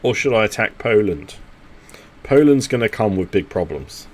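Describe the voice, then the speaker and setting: A man's voice: lowish voice, very animated, normal speed. Chatty man streaming a game. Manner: chatty, thinking aloud, jokey banter. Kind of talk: casual gaming commentary talking to teammates.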